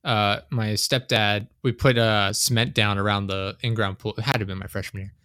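A man's voice: fairly low pitch, little pitch movement, a little fast, sharp tone, smooth, no room sound, studio quality. A young man chatting casually as a podcast host, telling long rambling stories, swearing a lot and laughing often. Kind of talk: casual chat.

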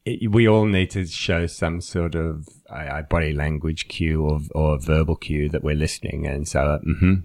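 A man's voice: extremely low pitch, fairly even intonation, normal speed, hardly any pauses, a little mellow. A man co-hosting a casual podcast chat, explaining with stories and laughing often. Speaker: podcast co-host, listening trainer.

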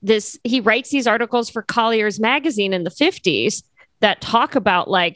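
A woman co-hosts a casual podcast, talking loosely with plenty of fillers and joking asides. Her voice sits at an ordinary middle pitch. She is recorded close and dry, with no room sound. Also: brisk, a bit bright, no echo. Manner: loose and chatty, many fillers and jokey asides. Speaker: podcast co-host. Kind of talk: casual chat.

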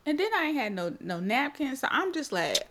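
A woman's voice: sits high, big pitch swings, a little fast, crowd noise. A woman on a podcast telling a personal story in casual chat, acting out her own reactions and swearing. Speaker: podcast co-host.

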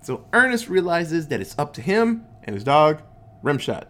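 A man's voice: fairly high pitch, big pitch swings, moderate pace, fairly bright tone. A man casually recapping a movie, laid-back and swearing a lot, acting out the characters' lines in goofy voices. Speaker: podcast host recapping a movie.

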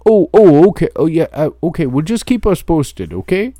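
A man's voice: a little high, animated, moderate pace, warm tone, dry recording, clean studio sound, voice pushed up, natural voice. A man voicing a flustered male freight broker with a mocking put-on accent.

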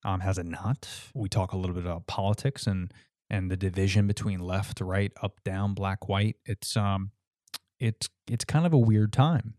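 A man's voice: low voice, moderate pace, darkish tone, no echo, clean studio sound. A man hosting his podcast in casual chat, laid-back, with lots of fillers and swearing. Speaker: podcast host.

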